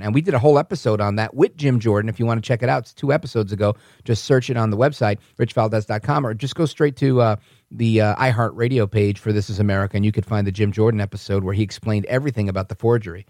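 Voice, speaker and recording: Male podcast host, calm conversational commentary, dry close recording. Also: on the low side, quick pace, no room sound. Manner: conversational, self-correcting, calm. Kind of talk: political commentary monologue.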